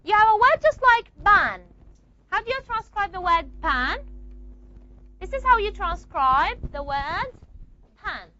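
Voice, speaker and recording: A woman teaching a phonetics lesson in class, asking questions and answering them herself, and stretching key words slowly. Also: very high-pitched, animated, bright, forceful tone. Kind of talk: classroom lecture. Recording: dull lo-fi recording.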